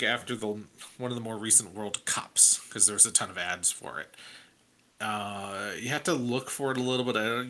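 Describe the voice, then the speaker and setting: A man's voice: lowish voice, bright, forceful tone. A man in his thirties co-hosting a podcast in casual chat, rambling with many fillers. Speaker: podcast co-host.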